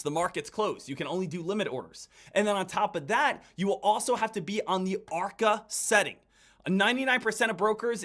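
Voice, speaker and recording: A man with a high, light voice talks viewers through a live trade, urgent and repetitive. He keeps calling them guys and stresses his points over and over. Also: a bit bright. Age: adult. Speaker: day trader hosting a livestream. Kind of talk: live market commentary.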